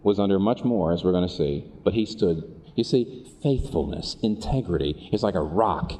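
A man preaching a sermon as pastor, earnest and animated, asking the congregation pointed questions. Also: low voice, normal speed. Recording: long hall reverb.

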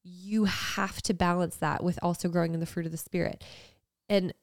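A woman's voice: fairly low pitch, fairly even intonation, normal speed, vocal fry, no room sound, clean studio sound. A woman in her thirties co-hosting a casual faith podcast, talking earnestly and reflectively with frequent "like" fillers. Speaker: podcast co-host.

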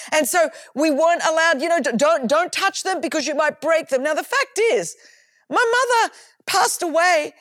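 A woman hosting a faith talk, telling family stories in an animated way with repetitions. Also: sits high, dry recording, clean studio sound. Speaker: podcast host.

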